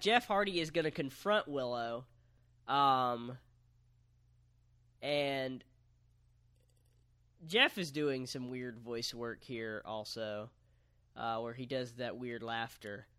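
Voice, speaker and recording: A man co-hosting a podcast, recapping a story in relaxed casual chat with lots of fillers. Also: mid-range voice, slow, pauses often, smooth, no echo. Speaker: podcast co-host.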